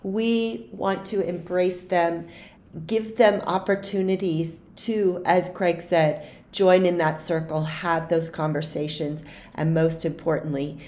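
A woman's voice: lowish voice, darkish tone. A woman co-hosting a parenting podcast, thanking her guest and addressing listeners encouragingly. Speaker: podcast co-host. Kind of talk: podcast interview and outro.

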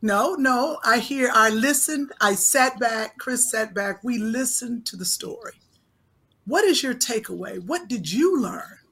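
A woman's voice: a little high, animated, measured pace, a bit bright, husky. A woman co-hosting a casual chat who speaks frankly and teases her friend. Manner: frank, teasing. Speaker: co-host.

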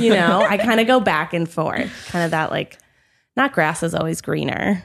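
A woman's voice: fairly low pitch, brisk, creaky, a bit bright. A woman co-hosting a podcast, musing in an easygoing, back-and-forth way during casual chat. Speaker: podcast co-host.

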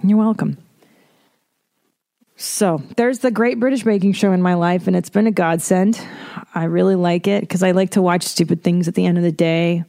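A woman's voice: fairly low pitch, steady tone, moderate pace, creaky, mellow, dry recording, clean studio sound. A woman in her forties hosting a casual solo podcast, rambling through stories with lots of swearing and self-deprecating jokes. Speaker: podcast host.

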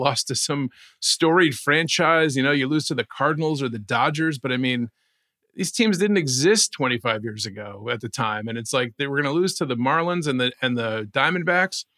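A man with a bright, forward voice in casual sports talk. He rambles and restarts with animated asides. The sound is close and dry. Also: a little high, no echo. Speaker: podcast co-host.

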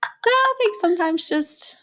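A woman's voice: very high voice, moderate pace. A woman with a Southern US accent, a guest executive assistant chatting casually and laughing easily. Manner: laughs easily, relaxed and friendly. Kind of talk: casual interview chat.

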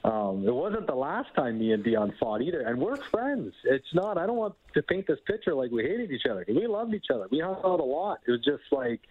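Canadian man in his thirties, phone-line guest, animated storyteller. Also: medium pitch, fairly quick, hardly any pauses. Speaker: guest, hockey scout. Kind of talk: phone-in interview, casual storytelling.

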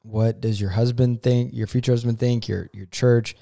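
A man's voice: mid-range voice, fairly even intonation, normal speed, vocal fry, dark tone. Thoughtful male pastor co-hosting. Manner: thoughtful, searches for words with ums. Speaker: podcast co-host, pastor. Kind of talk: casual podcast chat.

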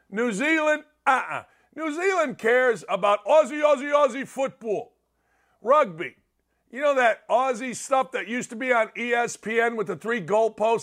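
A man's voice: very high-pitched, fairly bright tone. A middle-aged man hosting a talk show, delivering a brash, sarcastic, rambling opinion monologue.

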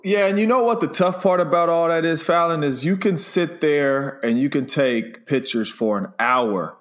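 A man's voice: on the high side, lively intonation, normal speed. Laid-back man co-hosting a podcast. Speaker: podcast co-host. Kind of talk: casual podcast chat.

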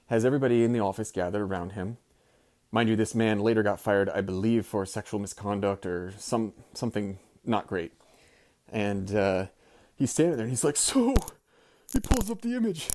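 Brief: a man in his thirties, low voice, tells a story with lively acted-out quotes. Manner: animated, swears, acts out quotes. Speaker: former teacher sending in a story. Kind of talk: casual storytelling.

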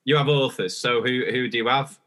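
A man's voice: medium pitch, fairly even intonation, a little fast, bright, forceful tone. A young man, co-hosting a podcast and telling a story in casual chat, acting out the dialogue. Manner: chatty storytelling, acts out dialogue. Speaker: podcast co-host.

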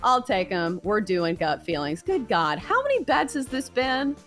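A woman's voice: mid-range voice, sing-song, normal speed, a bit bright, soft background music. A woman with a Southern accent co-hosting a sports betting podcast, chatty and breezy, teasing herself as she talks. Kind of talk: casual sports betting chat.

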